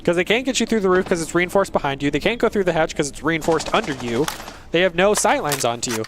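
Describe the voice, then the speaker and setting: A man's voice: fairly high pitch, lively intonation, fast. A man casting an esports match, breaking down tactics in a detailed, conversational way. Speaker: esports caster. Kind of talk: play-by-play commentary. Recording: noisy background.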